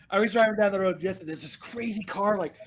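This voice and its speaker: A man with a high voice chats loosely on a podcast, swearing freely and laughing through his stories. A faint background hum sits under his voice. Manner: profane, laughing storyteller. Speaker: podcast co-host. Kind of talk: casual chat.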